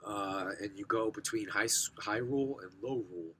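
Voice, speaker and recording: A young man with a hoarse, rough voice from recent sickness, casually showing off his game collection, rambling and clearing his throat. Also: fairly low pitch, moderate pace, a bit bright, a little hiss or hum. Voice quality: rough, smoker-sounding voice. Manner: rambling, self-correcting, frequent throat clearing.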